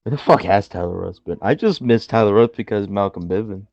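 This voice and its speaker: A man co-hosting a casual podcast chat, laughing often and swearing in animated bursts. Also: on the low side, a little fast, no room sound, lo-fi sound. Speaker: podcast co-host.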